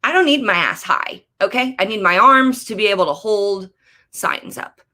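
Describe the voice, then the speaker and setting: A woman in her thirties doing an animated stand-up set from a home office over a video call, ranting and leaping into high-pitched outbursts. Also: normal speed. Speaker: stand-up comedian.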